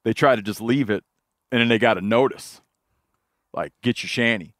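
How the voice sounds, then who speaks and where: A man's voice: on the low side, normal speed, fairly bright tone, no echo. Dry-voiced man telling rambling stories. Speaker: podcast host. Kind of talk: casual chat, storytelling.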